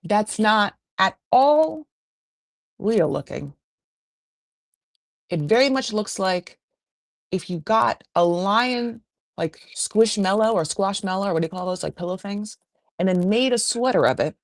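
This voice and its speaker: A woman's voice: medium pitch, lively intonation, measured pace, long pauses, no room sound. A woman hosting a podcast, recapping a reality show in a chatty, gossipy way full of fillers. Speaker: podcast host.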